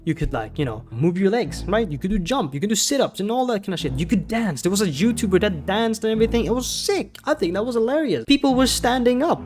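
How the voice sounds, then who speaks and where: A man's voice: high-pitched, expressive, fast talker, hardly any pauses, a little mellow, faint music behind. A man ranting in a rambling, profane and exasperated way, giving commentary as a gaming YouTuber.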